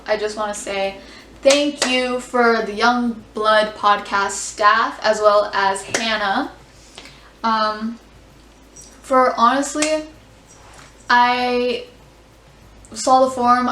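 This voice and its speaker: A young adult woman chatting candidly in a casual reaction vlog, expressive, swearing freely and filling with "like". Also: a little high, slight background noise. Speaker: vlogger. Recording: roomy sound, mic at a distance.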